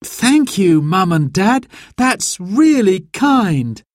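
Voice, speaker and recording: A man's voice: high voice, big pitch swings, very slow, no room sound, clean studio sound, voice pushed up, full character voice. A man voicing a curious, eager young boy in a storybook reading.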